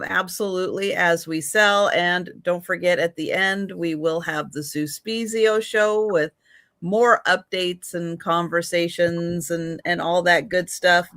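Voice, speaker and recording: A woman hosting a live sale stream, chatty and quick to laugh. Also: fairly low pitch, a bit bright, no echo, clean studio sound. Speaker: host of a live sale show.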